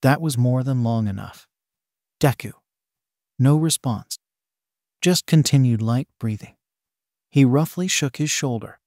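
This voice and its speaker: A man narrating a fan fiction story at a steady pace. His voice sits at a middling pitch, and the recording is dry and close. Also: a little slow, pauses often, no echo.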